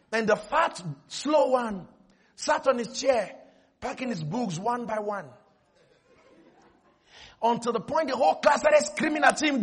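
A high, husky-voiced man preaches to his congregation in full flight. His voice is bright and edgy, and he swings from quick storytelling into loud, shouted calls for a response. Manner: animated storytelling, often shouting. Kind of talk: sermon.

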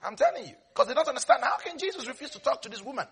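A man preaching a sermon with lots of energy, dropping into soft asides, then rising to shouts, and laughing often as he speaks. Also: extremely high pitch, wildly swooping pitch, rapid-fire, husky. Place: church service.

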